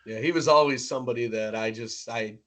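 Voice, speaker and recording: A man's voice: mid-range voice, fairly quick, pushed and bright. A man hosting a podcast, reacting eagerly in casual chat.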